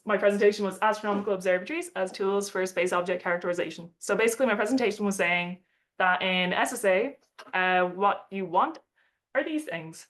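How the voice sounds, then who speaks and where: Young woman, chatty storyteller, acts out quotes, laughs often, mid-pitched voice. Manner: chatty, quotes others in lively put-on voices, frequent likes and laughs. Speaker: astronomer giving a talk. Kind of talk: casual storytelling talk.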